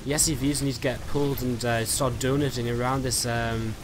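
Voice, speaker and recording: A male esports caster calls a live strategy match over a headset mic, his words tumbling out quickly at a mid-range pitch. His play-by-play is peppered with "uh" and "I mean" fillers, with faint ambience underneath. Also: level tone, background noise. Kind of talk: live game commentary.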